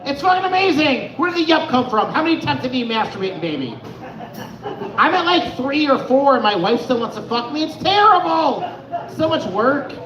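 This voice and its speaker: A man's voice: extremely high pitch, normal speed, crowd noise. A man doing a crude, rambling stand-up set in a club. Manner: animated, rambling, crude jokes. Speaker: stand-up comic. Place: comedy club on stage. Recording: echoey lo-fi club.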